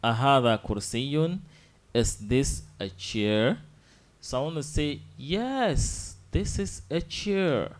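A man teaching an Arabic lesson, drilling simple phrases slowly and patiently and asking students to repeat after him. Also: a little high, big pitch swings, darkish tone. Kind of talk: online language lesson.

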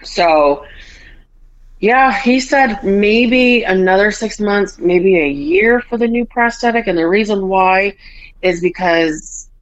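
A woman's voice: mid-range voice, slow pace, clean tone. A woman hosting a casual podcast, telling a story with bawdy humor and acting out both sides of a conversation. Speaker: podcast host. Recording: dull lo-fi podcast audio.

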